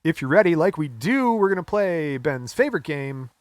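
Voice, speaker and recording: A middle-aged man from Michigan hosting a casual podcast, animated and jokey, with loud announcer-style bursts. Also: on the high side, normal speed. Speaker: podcast host.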